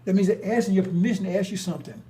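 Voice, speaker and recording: A man's voice: high-pitched, very fast, dark tone. An older man telling stories in a rambling monologue, blunt and confrontational, with frequent restarts and cursing. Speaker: storyteller.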